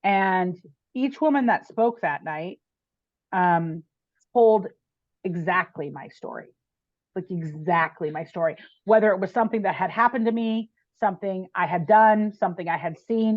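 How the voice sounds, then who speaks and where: A woman guest on a podcast telling a personal story in an animated, chatty way, with frequent "like" and "right?". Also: medium pitch, normal speed, no room sound, muffled recording.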